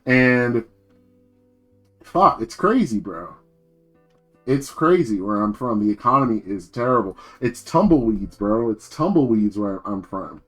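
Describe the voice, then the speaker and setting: A man's voice: medium pitch, lively intonation, a little slow, a bit bright, faint music behind. Slangy rambling young guy streaming. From New Jersey. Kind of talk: casual live-stream chat.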